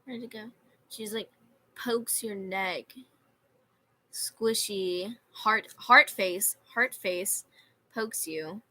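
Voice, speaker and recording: A woman's voice: medium pitch, very slow, long pauses, pushed and bright, poor audio. A young woman on a livestream reading chat messages aloud and telling a story in a sarcastic, complaining way.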